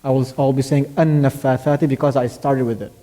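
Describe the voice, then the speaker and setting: A man teaching a tajweed lesson. He explains step by step, recites short Arabic verses, and quizzes his student along the way. His voice is warm and mellow and carries a long hall reverb. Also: mid-range voice, level tone, fast talker. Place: mosque classroom.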